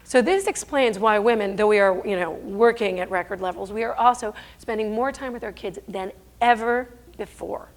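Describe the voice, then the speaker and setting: Middle-aged woman speaker on stage, emphatic, rhetorical questions, mid-pitched voice, self-corrections. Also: moderate pace, few pauses. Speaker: speaker giving a stage talk. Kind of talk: conference talk. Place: stage before an audience.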